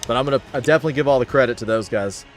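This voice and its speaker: A man's voice: mid-range voice, racing, soft background music. A man hosting a casual livestream, chatting upbeat and friendly as he thanks viewers by name. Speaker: livestream host. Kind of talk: casual chat reading viewer comments.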